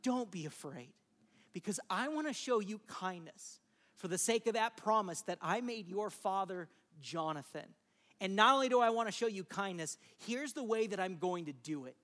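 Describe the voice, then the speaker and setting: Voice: mid-range voice, expressive, normal speed, a bit bright, natural voice. A preacher voicing a generous reassuring king. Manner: earnest, reassuring. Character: warm, generous ancient king.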